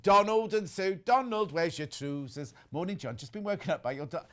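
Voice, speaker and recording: Lively chatty male TV presenter. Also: high-pitched, normal speed. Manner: lively, gossipy, reads viewer messages aloud. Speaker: shopping channel presenter. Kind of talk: chatty live TV selling. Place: TV studio.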